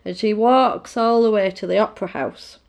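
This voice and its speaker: A woman's voice: mid-range voice, moderate pace, vocal fry. Rambling woman recapping a film. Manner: rambling, retelling with fillers and asides.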